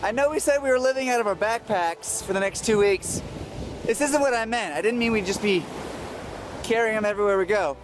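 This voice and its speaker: A man's voice: high-pitched, a little fast, background noise. A young man chatting in a travel vlog and giving a dry, joking play-by-play. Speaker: travel vlogger. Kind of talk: casual travel vlog chat. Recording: music under the voice.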